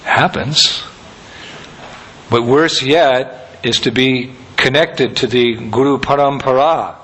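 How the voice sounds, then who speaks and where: A man's voice: medium pitch, takes it slowly, slightly rough, poor audio. Man giving a conversational sermon. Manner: conversational, anecdotal, with soft laughs. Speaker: spiritual teacher.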